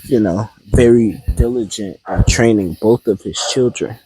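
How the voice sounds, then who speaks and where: A man voicing a serious infant boy ninja prodigy, speaking calmly and probingly in a slow, husky voice. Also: fairly low pitch, no echo, poor audio.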